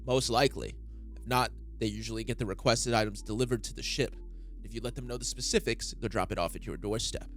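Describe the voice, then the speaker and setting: A man's voice: lowish voice, quick pace, fairly bright tone, soft background music. Man reading as a blunt, dismissive shopkeeper. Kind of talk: reading manga dialogue aloud.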